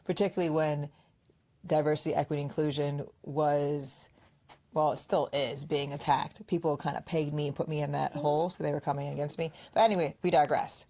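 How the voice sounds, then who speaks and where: Low-voiced woman podcast host. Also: brisk. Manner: animated storyteller, acts out quoted friends. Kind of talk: casual conversational podcast chat.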